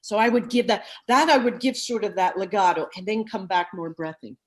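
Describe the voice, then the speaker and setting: A woman's voice: medium pitch, fairly quick. A woman voice coach giving masterclass feedback, gushing over the singing and singing bits of the lyrics as she explains. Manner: effusive, sings snippets of the lyrics while explaining.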